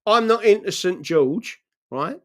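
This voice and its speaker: Forceful high-voiced man. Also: animated, unhurried. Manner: forceful, repeats "right?" to press points. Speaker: political speaker. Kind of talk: impassioned address to followers.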